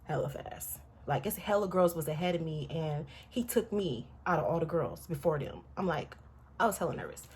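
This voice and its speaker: A young woman vlogger casually telling viewers a personal story, animated and acting out what others said. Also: low voice, a little fast, husky. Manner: animated, quotes people in lively voices.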